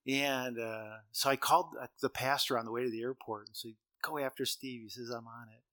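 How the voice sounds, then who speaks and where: A middle-aged man tells stories from the stage in a bright, forceful voice, easy and conversational. He slips into the lines of the people he quotes and chuckles at his own jokes. The sound is dry and close, with little room around it. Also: medium pitch, steady tone, fairly quick, dry recording. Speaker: speaker. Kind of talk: humorous storytelling talk.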